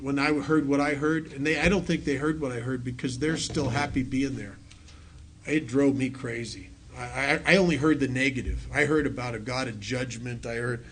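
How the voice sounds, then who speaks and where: A man's voice: fairly high pitch, fairly bright tone, slight background noise. Self-mocking middle-aged man telling stories. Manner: self-mocking storyteller who laughs at his own jokes; conversational, full of restarts and asides to the audience. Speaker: recovery program speaker. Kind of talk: talk to a recovery audience.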